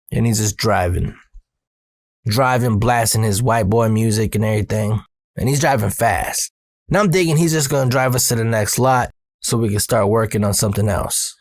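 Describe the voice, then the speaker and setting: A man's voice: medium pitch, a little fast, no echo, clean studio sound. A man telling a personal story in a casual, profane, streetwise way.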